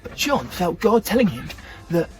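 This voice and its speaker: A man telling a story to children in a lively, chatty way. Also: high voice, normal speed. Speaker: children's church leader.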